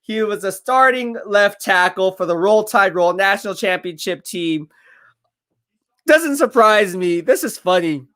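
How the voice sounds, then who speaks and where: Guy hosting a home live stream, high voice, laughing and bragging, gets fast when excited. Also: no room sound, clean studio sound. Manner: laughing, boastful, quick bursts of excitement. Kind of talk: casual live commentary.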